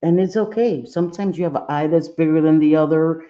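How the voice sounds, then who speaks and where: Brief: man, makeup livestream host, chatty and playful, fairly high, mellow, muffled lo-fi audio. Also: fairly even intonation, a little fast, hardly any pauses. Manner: chatty, playful, scolds his own eye and brush aloud. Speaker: makeup vlogger. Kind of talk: casual makeup tutorial livestream.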